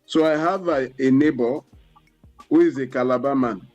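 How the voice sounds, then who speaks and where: A man's voice: mid-range voice, darkish tone, dull audio, soft background music. Nigerian man explaining on radio. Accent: Nigerian English. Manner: deliberate, explanatory, peppered with "you know". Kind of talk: radio talk show explanation. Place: radio studio.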